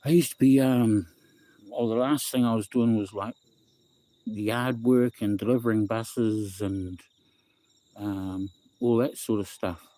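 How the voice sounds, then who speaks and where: A young West Auckland man with a New Zealand accent hosts a home livestream, rambling through a story and greeting viewers by name. His lowish voice is warm and steady, and he speaks at a measured pace.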